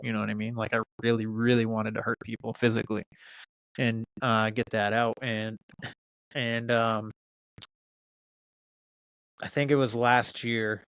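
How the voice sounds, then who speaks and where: A man's voice: fairly low pitch, level tone, measured pace, pauses often, fairly bright tone, clean tone, dry recording, dull audio. A man in his thirties telling a story in casual chat, swearing freely and restarting his sentences with many fillers. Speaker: podcast guest.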